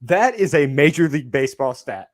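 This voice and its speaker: A man's voice: fairly high pitch, lively intonation, a little fast. A man hosting a casual film watch-along, joking wryly and laughing often. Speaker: host.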